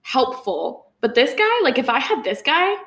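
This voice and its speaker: A woman's voice: high voice, unhurried, echoey room. A young woman co-hosting a podcast, chatting casually and indignantly, with lots of filler words. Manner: animated, indignant, many fillers. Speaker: podcast co-host. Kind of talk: casual chat.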